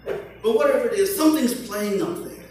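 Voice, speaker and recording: An older man preaching a sermon, slow and emphatic, with joking asides. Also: very high-pitched, a little mellow, soft background music. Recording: echoey hall from far off.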